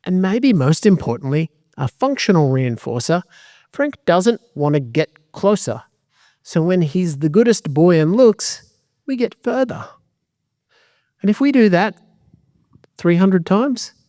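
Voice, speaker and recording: A man giving a community talk as a dog trainer, lively and conversational with joking asides. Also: fairly high pitch, a little slow, long pauses, no room sound, clean studio sound.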